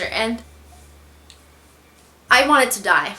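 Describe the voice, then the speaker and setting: Bright, high-voiced young woman vlogger. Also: slow, long pauses, reverberant. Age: young adult. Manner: animated, self-mocking, acts out quotes. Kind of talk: casual storytelling to camera.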